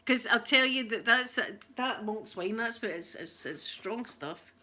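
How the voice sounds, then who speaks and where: A woman's voice: a little high, lively intonation, measured pace, pushed and bright. A woman with a Scottish accent hosting a casual live chat with viewers, telling stories and laughing often. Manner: chatty storyteller who laughs often. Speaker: livestream host.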